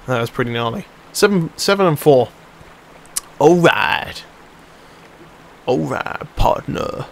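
A young man giving live commentary over his own gameplay, chatty and excitable, swearing and shouting at the players on screen. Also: a little high, takes it slowly, creaky, slight background noise. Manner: excitable, swears and yells at the game. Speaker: let's play commentator.

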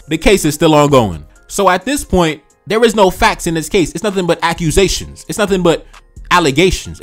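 A man with an American accent hosting a reaction video, talking passionately in slangy street speech and repeating phrases for emphasis. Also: on the high side. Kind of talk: fired-up commentary on viewer comments.

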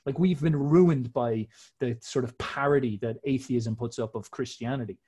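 A man's voice: medium pitch, moderate pace, dark tone, breathy edge. A man talking casually and emphatically, explaining old myths in slangy, swearing speech.

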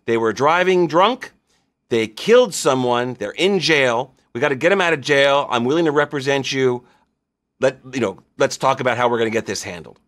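A man playing a pushy male scammer posing as an attorney, brisk and rehearsed. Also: mid-range voice, expressive, a bit bright, lightly acted. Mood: urgent.

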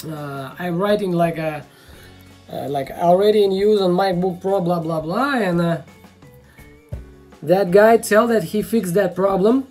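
A woman explaining a software fix in a casual tutorial, in halting non-native English full of fillers, frustrated and swearing now and then. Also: on the low side, soft background music. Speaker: video tutorial maker.

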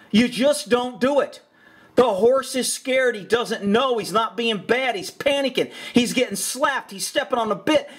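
A man with a very high voice for his sex rants over a video in blunt, exasperated commentary. He swears freely and talks with plain frustration. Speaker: horse trainer and commentator.

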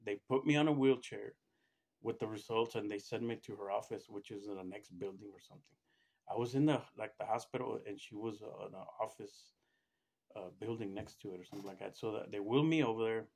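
A middle-aged man casually telling a personal story, rambling with restarts and acting out what others said by raising his pitch. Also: fairly quick, vocal fry, darkish tone. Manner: rambling, acts out quoted voices with raised pitch, many restarts. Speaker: storyteller recounting his own experience.

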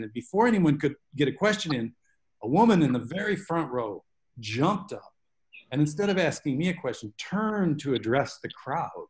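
A man's voice: medium pitch, lively intonation, normal speed. Rambling storyteller man on a video call. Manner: rambling, self-aware storyteller with tangents. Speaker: guest author. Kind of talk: storytelling in a book club discussion. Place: home, over a video call.

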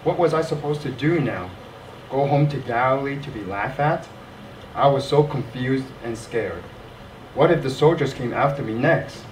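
A man's voice: medium pitch, normal speed, slight background noise, lightly acted. A man playing a disheartened Galilean fisherman, giving a rueful first-person monologue in a church cantata. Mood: downcast. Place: church sanctuary. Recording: echoey church from far off.

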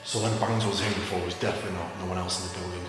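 A man's voice: sits low, flat delivery, racing, over loud music. Nervous man in an echoey old hall. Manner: jumpy, nervous, talking to spirits. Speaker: paranormal investigator. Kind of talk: narrating a solo ghost hunt to camera. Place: large old building, indoors. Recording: echoey hall with background noise.

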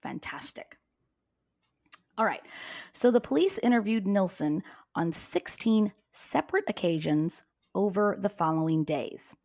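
A woman's voice: medium pitch, lively intonation, a little slow, creaky, darkish tone. A woman co-hosting a true crime podcast, blunt and sarcastic, swearing freely. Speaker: podcast co-host. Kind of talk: casual true crime chat.

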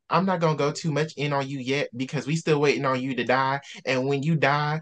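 A man hosting a casual book discussion, animated and ranting in preacherly outbursts. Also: medium pitch, brisk, few pauses.

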